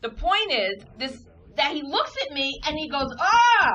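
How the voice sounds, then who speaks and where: Animated woman telling comic stories. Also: high-pitched, moderate pace, muffled recording. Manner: animated, acts out voices and shrieks in stories. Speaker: talk show co-host and comedian. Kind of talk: comic storytelling chat. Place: TV studio.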